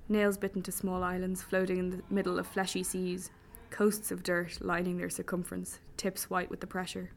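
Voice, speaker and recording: Wry woman narrating with a gravelly edge. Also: fairly low pitch, normal speed, hardly any pauses, slight background noise. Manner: wry, dry humour, lively reading. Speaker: audiobook narrator. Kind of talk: first-person story narration.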